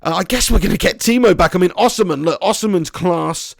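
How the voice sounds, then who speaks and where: A man's voice: high voice, fairly quick, creaky, dry recording, studio quality. A man streaming a football management game live, chatting casually and rambling, laughing as he reads the chat at home. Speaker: gaming streamer.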